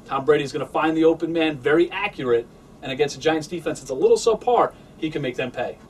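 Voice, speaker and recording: A man's voice: a little high, fast talker, recorded from a distance, slight background noise. Young man breaking down football. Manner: steady, analytical. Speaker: sports show host. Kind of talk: sports analysis chat.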